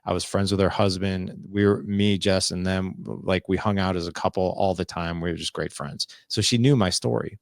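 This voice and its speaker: A man in his forties with a very low, gravelly voice tells a personal story as a podcast guest. He talks in an earnest, confessional way and acts out remembered dialogue. The sound is close and dry, with no room echo. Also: steady tone, moderate pace, few pauses. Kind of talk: candid storytelling in a podcast interview.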